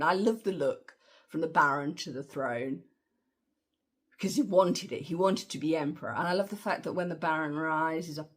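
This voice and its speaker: A woman's voice: deep voice, moderate pace. A woman giving a chatty, opinionated film review with slangy asides. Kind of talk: casual film review monologue.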